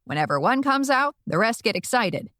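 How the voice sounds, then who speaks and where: A woman's voice: a little high, big pitch swings, moderate pace, fairly bright tone, no echo, studio quality, pitched above the performer's own voice. A woman voicing a brash elderly witch grandmother doing stand-up comedy, with a brassy, bawdy delivery. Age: older.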